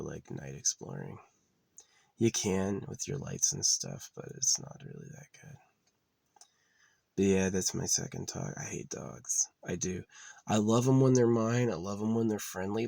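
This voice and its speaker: Outdoors at his camp spot, a man swears his way through a casual, rambling monologue, sometimes sinking to a near-whisper. His voice is on the low side, gravelly, husky, and a little mellow, with no room sound.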